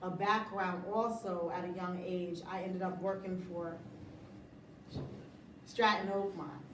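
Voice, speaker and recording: A woman's voice: on the low side, steady tone, measured pace, roomy sound, far from the mic, a little hiss or hum, low-quality recording. A middle-aged woman talking about running her business in a casual interview, emphatic and motivational, often laughing. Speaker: interview guest, business owner.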